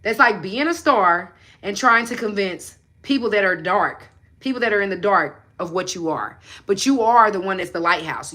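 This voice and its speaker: A young adult woman with a medium-pitched, sharp voice hosts a casual livestream as a manifestation coach. She preaches self-belief to her viewers bluntly and emphatically, swearing a lot.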